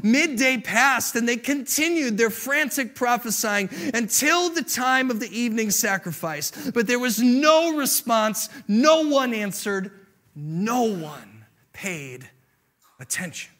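A man preaching with a high, bright voice that rings out over the congregation. He keeps it lively and playful and pulls the crowd into the story. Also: slow pace. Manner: animated, playful preaching with audience interaction. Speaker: pastor. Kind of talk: sermon.

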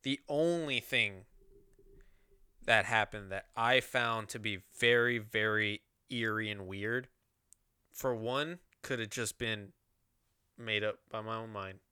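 A man's voice: lowish voice, slow pace, pushed and bright, smooth, no room sound, clean studio sound. A man telling a personal story in a rambling, casual way, with lots of swearing and fillers.

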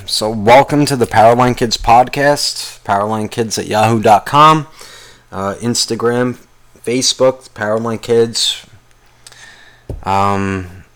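A man's voice: medium pitch, a bit bright. Profane ranting male podcast host. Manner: profane, rambling, angry ranting. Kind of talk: solo podcast rant.

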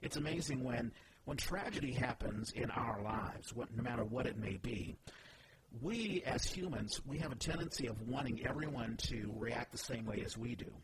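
A man's voice: medium pitch, lively intonation, normal speed. A man hosting a casual faith discussion, speaking earnestly and emphatically, with personal stories. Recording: noisy background ambience.

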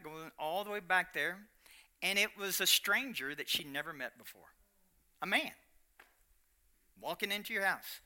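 A middle-aged man telling a story from the pulpit, his voice very sharp and a touch high for a man. He swings between loud, animated bursts and hushed, quiet passages, like a preacher sharing a testimony. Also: clean tone. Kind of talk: storytelling sermon.

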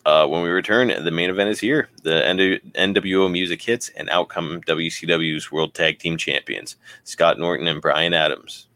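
Deep-voiced man narrating casually. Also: fairly even intonation, moderate pace, few pauses, sharp tone, no room sound. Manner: casual, laughing, swears. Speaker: podcast co-host. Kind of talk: narrating a wrestling storyline.

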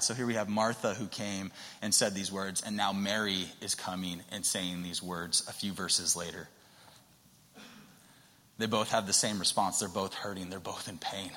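A male pastor delivers a sermon in a bright, forceful voice. He swings from quiet, whispered tenderness to passionate emphasis. His words carry a long reverb from a large church hall. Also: low voice, steady tone, normal speed. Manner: earnest, builds to emphatic passion, drops to soft whispers.

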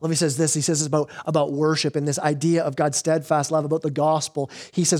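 A man pastor preaching a sermon, earnest, slowing down on key words and often restarting phrases. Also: on the high side, level tone, a little mellow. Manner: earnest preaching with repeated restarts, slows for emphasis.

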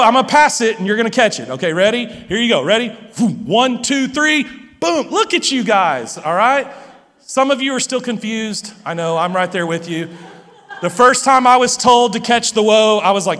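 A man's voice: sits high, animated, normal speed, a bit bright. A man preaching a sermon as pastor, playful and talking straight to his audience. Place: large church hall. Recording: long hall reverb.

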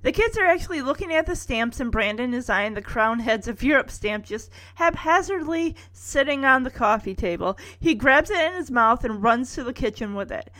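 A woman's voice: sits high, lively intonation, moderate pace, hardly any pauses, fairly bright tone. A woman recapping an episode in a casual, chatty way, with wry sarcastic asides.

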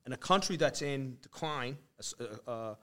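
A man's voice: mid-range voice, animated, moderate pace, fairly bright tone. A man hosting a casual conversation, telling stories animatedly and acting out the people he quotes. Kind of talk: casual chat.

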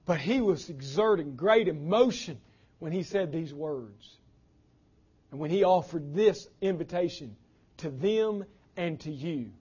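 Male pastor, sermon, husky tone, loud-to-hushed swings, dull lo-fi recording. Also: a little high, lively intonation, measured pace.

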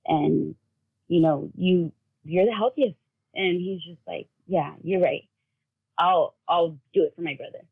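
A woman's voice: on the low side, unhurried, vocal fry, breathy edge. A woman telling an emotional story about her son in casual chat, acting out the voices of the people in it. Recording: phone-like narrow sound.

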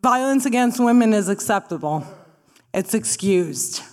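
A woman's voice: on the high side, lively intonation, measured pace, noisy background. A woman from Palestine doing stand-up comedy, punchy and sarcastic, rising to emphatic bursts. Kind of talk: stand-up talk with audience.

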